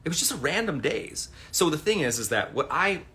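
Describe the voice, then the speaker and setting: A man's voice: a little high, brisk. A man in his forties talking to viewers on a phone livestream from home, rambling and swearing as he tells stories. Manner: rambling, profane, animated storytelling. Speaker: livestream host. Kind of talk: casual livestream monologue.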